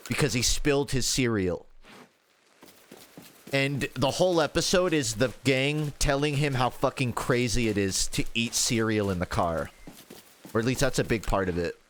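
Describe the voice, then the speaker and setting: A man's voice: mid-range voice, normal speed, a little hiss or hum. Rambling, profane male streamer. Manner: rambling, profane storytelling with laughs. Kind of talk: casual livestream chat while gaming.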